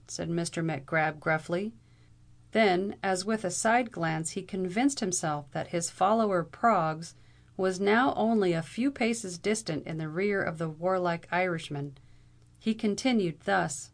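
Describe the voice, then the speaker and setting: Low-voiced woman reading a novel aloud. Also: unhurried, creaky. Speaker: audiobook reader. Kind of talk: scripted narration of a Victorian novel.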